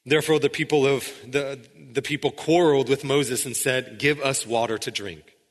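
A man preaching a sermon in a conversational way, with frequent restarts, sometimes dropping into quiet intensity. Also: mid-range voice, fairly even intonation, normal speed, in a large hall. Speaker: pastor.

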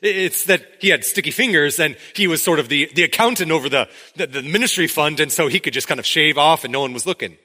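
This pastor talks fast with few pauses, his voice a little high. In an animated, conversational sermon, he dramatizes the quotes from the story as he goes.

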